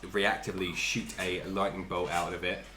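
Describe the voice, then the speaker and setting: A man's voice: low voice, little pitch movement, moderate pace, sharp tone. A man narrating a tabletop game as game master, describing combat and often laughing as he talks. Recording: roomy echo with background music.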